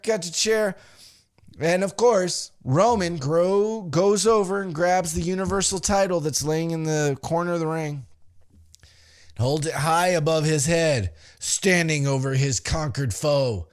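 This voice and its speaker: A man hosting a podcast, recapping a wrestling show with animated, profane storytelling and acted-out quotes. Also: on the high side, measured pace. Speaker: podcast host.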